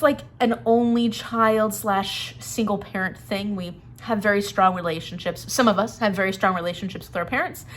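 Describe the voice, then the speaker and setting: A woman's voice: medium pitch, a bit bright, slight background noise. A woman chatting casually about books in a vlog, rambling a little and laughing often. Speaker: book vlogger. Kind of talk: casual chat.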